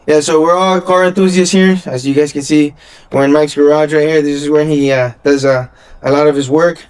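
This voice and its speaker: A man's voice: fairly high pitch, steady tone, fairly quick, smooth. A man hosting a casual podcast in a car garage, laid-back and calling everyone "bro". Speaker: podcast host. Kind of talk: casual chat.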